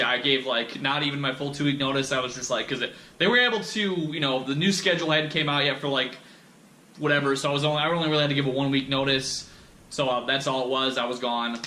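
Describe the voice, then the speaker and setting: A man's voice: mid-range voice, pushed and bright, a little hiss or hum. A young man hosting a podcast, telling a candid personal story in a rambling, profane way full of fillers and restarts. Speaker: podcast host. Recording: echoey room.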